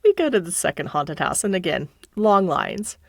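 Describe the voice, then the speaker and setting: A middle-aged woman guest telling a story in casual chat, her pitch leaping up and down as she laughs and acts out the people she quotes. The sound is dry and close, with no room around it. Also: big pitch swings, normal speed, vocal fry, no room sound.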